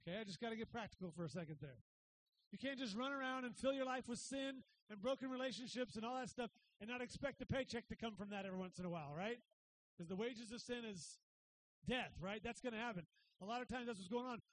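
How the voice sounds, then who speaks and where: High-voiced energetic pastor preaching. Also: male voice, fast, slight background noise, low-quality recording. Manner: energetic, swings from shouts to quiet asides; conversational, says "right?" often. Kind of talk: sermon.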